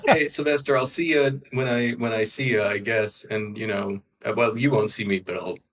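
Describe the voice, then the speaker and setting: A man playing a tabletop game, talking in halting bursts with many restarts. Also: mid-range voice, fairly even intonation, fairly bright tone. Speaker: player. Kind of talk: casual tabletop role-play.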